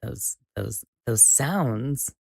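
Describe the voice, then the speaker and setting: A woman hosting a live stream, chatting casually and excitably with viewers as she builds, often exclaiming and laughing. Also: a bass voice, drawn-out words, vocal fry, slightly rough, no room sound, studio quality. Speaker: livestream host.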